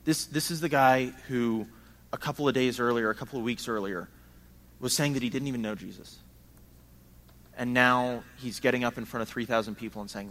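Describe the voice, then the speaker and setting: A man's voice: mid-range voice, fairly bright tone. A man preaching a sermon in an earnest, conversational way, often repeating words as he builds his points.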